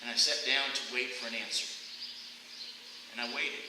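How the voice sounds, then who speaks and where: A man's voice: medium pitch, steady tone, moderate pace, long pauses. Man preaching in an echoey church. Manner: impassioned, rising to loud cries when quoting. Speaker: pastor. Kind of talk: sermon. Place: church sanctuary. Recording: echoey church hall with faint noise.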